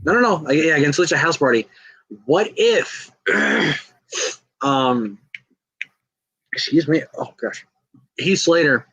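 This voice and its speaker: A man co-hosting a casual fantasy-booking chat, halting and playful, acting out scenes as he talks. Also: a little high, lively intonation, creaky, sharp tone, slightly rough, no room sound, low-quality recording. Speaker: co-host.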